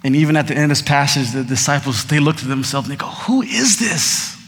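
A man preaching a sermon, moving between hushed scripture reading and excited, laughing storytelling. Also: medium pitch, rapid-fire, in a large hall. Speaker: pastor.

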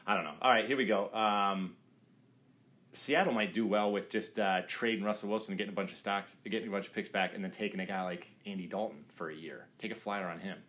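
Deep-voiced male host, loose jokey sports banter. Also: fairly even intonation, quick pace, a bit bright. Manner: quizzes the other speaker, jokey, rambling. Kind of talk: casual sports chat.

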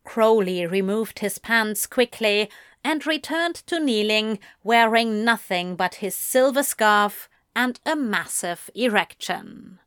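A woman reading fan fiction aloud in an unhurried, intimate way. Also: mid-range voice, expressive, a bit bright, clear, resonant tone, no echo, studio quality. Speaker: reader.

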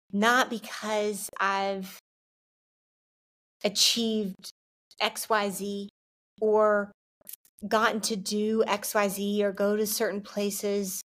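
A woman's voice: mid-range voice, a bit bright. A young woman talking candidly to camera about her faith, earnest and loose, full of "like" and restarts. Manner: earnest, candid, filler-heavy with frequent "like". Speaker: Christian vlogger. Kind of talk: heartfelt faith talk to camera.

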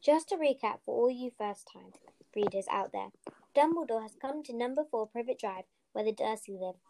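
A woman co-hosting a podcast, reading a children's novel aloud with steady storytelling and a few slips. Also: fairly high pitch, moderate pace, creaky, slight background noise, rough recording. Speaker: podcast co-host, reader.

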